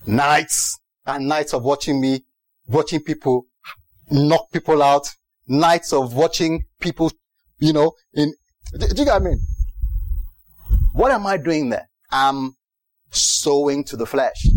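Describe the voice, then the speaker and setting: A man's voice: on the high side, no room sound, low-quality recording. A middle-aged male pastor preaching a sermon, telling stories with acted-out quotes and bursts of laughter.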